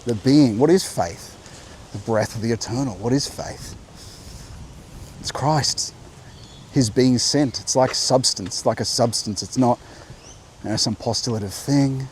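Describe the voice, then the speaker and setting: A man's voice: medium pitch, normal speed, slight background noise. A man talking to camera while walking a coastal path outdoors, musing and rambling, often breaking off mid-thought. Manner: rambling, musing, self-interrupting. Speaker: host. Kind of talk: walking vlog monologue. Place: outdoor coastal walk by a beach. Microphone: clip-on mic.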